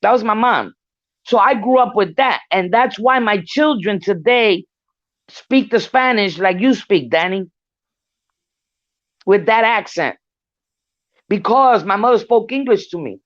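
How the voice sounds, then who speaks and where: An older woman talks openly and bluntly, swearing freely as she tells stories. Her voice sits at an ordinary middle pitch. The sound is dry and a bit muffled, like a lo-fi recording. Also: animated, unhurried, pauses often, no echo. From New York. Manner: frank storytelling, swears freely. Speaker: guest speaker. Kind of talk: casual discussion.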